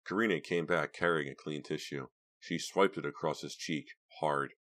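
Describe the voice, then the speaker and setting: A man narrating an audiobook in steady, measured scripted narration. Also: very deep voice.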